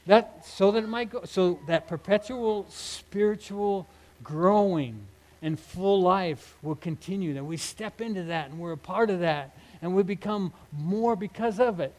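Brief: male pastor, slightly higher voice, earnest emphatic sermon delivery, halting restarts. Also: rough recording. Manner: earnest, emphatic, with frequent restarts and soft laughs.

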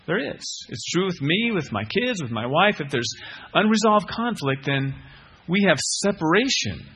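A man's voice: high-pitched, very animated, moderate pace, fairly bright tone, slightly rough. A middle-aged man preaching a sermon, earnest, repeating key phrases and putting questions to the listeners. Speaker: pastor.

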